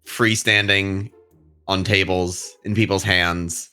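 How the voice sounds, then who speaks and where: A man's voice: low-pitched, fairly even intonation, takes it slowly, pushed and bright, smooth, faint music behind. A man playing a tabletop game, describing his character in a hesitant, playful way. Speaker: player. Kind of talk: tabletop role-play, casual.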